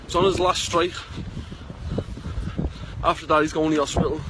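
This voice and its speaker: A man's voice: a little high, steady tone, normal speed. A young man filming himself on a city street at night, talking brashly and swearing as he pleads with someone to go home. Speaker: vlogger. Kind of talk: casual street vlog. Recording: loud street and traffic noise.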